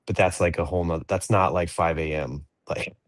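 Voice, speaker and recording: A man's voice: low-pitched, fairly even intonation, a little fast, no room sound. A man co-hosting a casual video-call chat, joking and laid-back. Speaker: podcast co-host.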